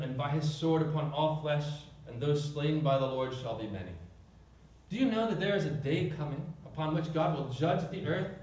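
A pastor delivers a sermon with emphatic force, stacking up rhetorical questions. His somewhat high voice sounds distant and rings through a very echoey room, with a faint hum in the background.

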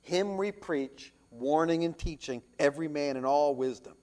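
A man preaching a sermon as pastor, reading scripture and asking rhetorical questions, with loud emphatic swells and hushed drops. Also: fairly high pitch, normal speed.

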